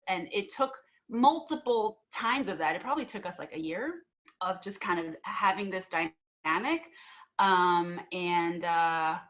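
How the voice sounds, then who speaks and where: A lowish, creaky voice with a bit of brightness comes from a young adult woman on a panel; the audio's high end is cut off. She earnestly relates a personal story and acts out both sides of an argument, using filler words and starting over at times.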